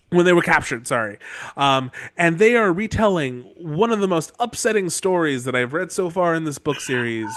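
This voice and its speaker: A man's voice: fairly high pitch, dry recording, clean studio sound. Upbeat man recapping a book chapter. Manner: animated storytelling, quotes characters in playful voices. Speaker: podcast co-host. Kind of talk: casual book-recap chat.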